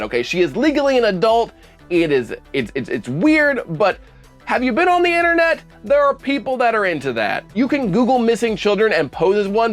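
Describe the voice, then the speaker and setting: Animated young man reviewing horror films. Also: sits high. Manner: animated, sarcastic asides with mocking put-on quotes. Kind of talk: casual video review. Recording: faint background music.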